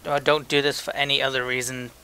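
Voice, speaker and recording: A man's voice: mid-range voice, flat delivery, fast, pushed and bright, smooth. A young man co-hosting a casual podcast, reading listener emails aloud in a joking, loose way with frequent stumbles. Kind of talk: casual chat.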